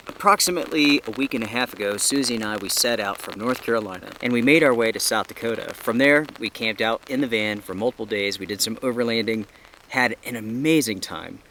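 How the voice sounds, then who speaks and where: A man's voice: fairly low pitch, fast talker, low-quality recording. A man talking to his viewers in a casual outdoor vlog, out of breath, sheltering under a tarp in a forest. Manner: chatty, upbeat, addresses viewers directly. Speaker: outdoor vlogger. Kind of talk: casual camping vlog to camera. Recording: loud rain noise outdoors. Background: heavy rain.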